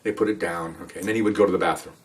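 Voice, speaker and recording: An older man, a retired police officer, tells stories in a quick, lively way. He often pauses to check in with "okay?" and restarts his sentences as he goes. His voice comes from a little way back from the microphone. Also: deep voice, far from the mic. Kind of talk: casual anecdotal storytelling.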